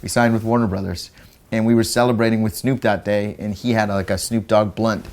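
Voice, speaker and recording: A man's voice: lowish voice, steady tone, fairly quick, a little mellow. A man in an interview telling an anecdote, rambling with lots of fillers and laughing as he goes. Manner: acts out quotes in raised voices. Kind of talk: anecdotal storytelling.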